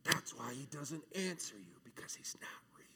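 A man's voice: fairly high pitch, lively intonation, normal speed, lightly acted. A man voicing a personified inner doubt as a cold, taunting whisper. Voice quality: hushed breathy whisper.

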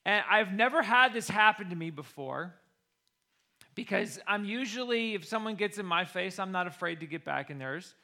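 Bright-voiced animated storytelling coach. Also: male voice, high-pitched, moderate pace. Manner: animated, acts out the people he quotes. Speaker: football coach. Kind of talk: personal storytelling.

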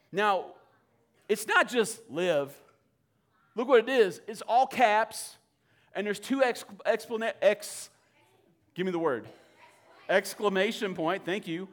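A man with a notably high voice leads an evening Bible teaching in a loose, conversational way. He talks informally and slips into little acted-out quotes as he explains. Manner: informal and animated, acts out quoted speech.

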